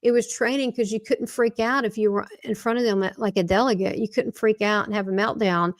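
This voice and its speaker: A woman's voice: medium pitch, fairly quick, no echo. Rambling Southern woman, dry sound. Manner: rambling, excitable storytelling. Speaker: guest, spiritual medium. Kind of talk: casual interview talk.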